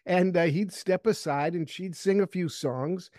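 A man's voice: sits high, unhurried, a little mellow, no echo, clean studio sound. A man on a political panel who tells playful anecdotes. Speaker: political commentator.

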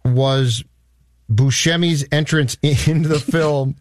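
A man's voice: fairly high pitch, fairly even intonation, slow, no echo, clean studio sound. Rambling man in a movie chat. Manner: rambling, explains with restarts and asides. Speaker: podcast cohost. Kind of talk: casual movie review chat.

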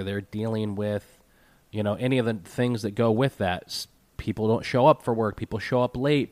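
A man's voice: lowish voice, no echo. A man hosting a podcast, talking casually with a congested, nasal voice from a cold, rambling with self-deprecating asides. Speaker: podcast host. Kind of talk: casual solo podcast intro.

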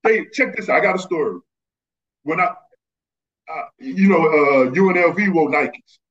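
A man's voice: high-pitched, normal speed. Man from Texas telling stories, muffled audio. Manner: animated, acts out quoted voices. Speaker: guest, former basketball player. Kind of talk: casual storytelling.

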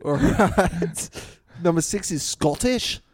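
A young man running down a list on a podcast, teasing his co-host with dry, deadpan asides. His voice sits a little high, and it is recorded close and dry. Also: slow, slightly rough, no room sound. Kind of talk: casual crude banter.

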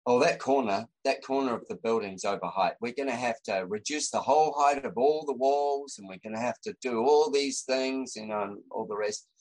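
A man's voice: mid-range voice, moderate pace, hardly any pauses, a little mellow, close to an everyday voice, low-quality recording. An Australian man quoting a worried builder. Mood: alarmed. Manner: insistent, alarmed. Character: worried blunt male builder.

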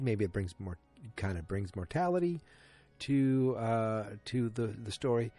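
A man casually recapping a TV episode, rambling and animated, with chatty asides to viewers. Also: lowish voice, breathy edge.

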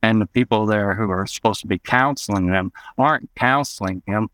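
A man with a fairly low, smooth, resonant voice tells his own story as an interview guest. He talks loosely and reflectively, leaning on "you know" and lifting his pitch to act out quoted lines. The sound is close and dry. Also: brisk, a bit bright, no room sound. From Arkansas, USA. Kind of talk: personal storytelling in a podcast interview.

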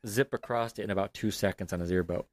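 Playful lower-voiced man on a podcast. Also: fast talker, no echo. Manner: animated storyteller, playful, laughs often. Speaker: podcast co-host. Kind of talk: casual chat. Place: home podcast setup. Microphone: desk studio mic.

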